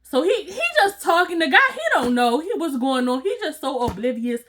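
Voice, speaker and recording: A woman telling a personal story to her viewers in a casual, animated, slangy way, often breaking into laughter. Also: high-pitched, fairly quick, a little hiss or hum. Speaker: storytime vlogger.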